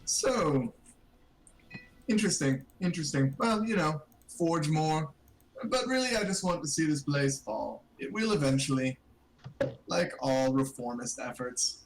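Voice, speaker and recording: Man playing a sly old-ways craftsman prisoner, higher voice, measured, probing. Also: animated, a little hiss or hum. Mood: scheming. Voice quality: raised pitch. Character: traditionalist male craftsman prisoner, scheming. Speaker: tabletop player.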